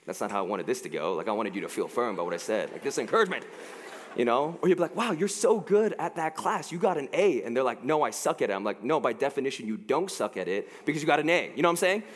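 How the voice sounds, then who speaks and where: A man preaching a casual, joking sermon into a headset mic, talking in an animated way with lots of fillers. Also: mid-range voice, very fast, in a large hall.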